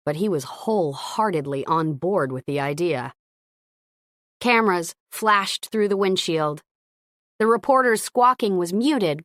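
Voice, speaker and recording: A woman narrating an audiobook in an expressive, lively reading. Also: fairly low pitch, no echo, studio quality.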